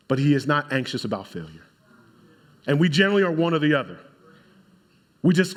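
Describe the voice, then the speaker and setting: A man preaching a sermon with a bright, forceful tone and a fairly high voice. He speaks straight to the congregation, with a lively, animated delivery. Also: a little fast, long pauses. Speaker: pastor.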